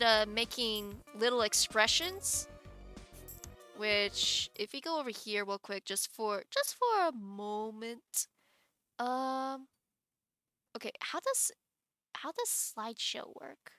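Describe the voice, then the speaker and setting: A woman's voice: a little high, lively intonation, slow, pauses often, pushed and bright, soft background music. A woman streamer chatting casually on a live stream, giggling often and rambling with many restarts.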